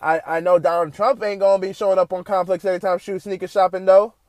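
A man hosting a podcast, talking in a loose, animated ramble full of fillers. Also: high-pitched, quick pace, dry recording. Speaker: podcast host. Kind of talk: casual monologue.

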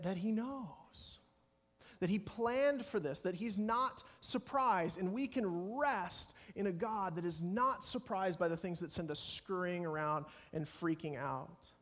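A man's voice: high voice, a bit bright. A man preaching a sermon as pastor, talking in an earnest way and acting out anxious prayers. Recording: long hall reverb.

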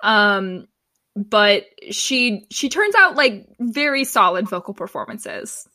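A young woman co-hosting a podcast, recapping an episode in an enthusiastic, excitable casual chat. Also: medium pitch, takes it slowly. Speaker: podcast co-host.

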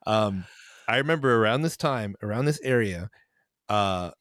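A young man hosting a podcast, telling band stories in a rambling, halting way. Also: lowish voice, expressive, fairly bright tone, no room sound, studio quality. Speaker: podcast host, band member. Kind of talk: casual chat, storytelling.

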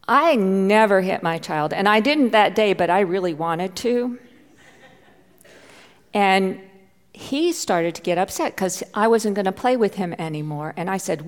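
A woman's voice: mid-range voice, lively intonation, measured pace, in a large hall. A middle-aged woman pastor preaching a sermon, telling a personal story with heartfelt feeling and sometimes dropping to a near whisper. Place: church.

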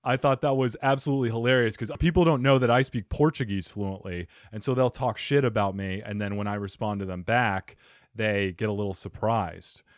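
A man's voice: lowish voice, dry recording, studio quality. A man hosting a comedy podcast, joking around and welcoming his guest. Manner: playful, quick to laugh. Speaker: podcast host. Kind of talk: casual podcast chat.

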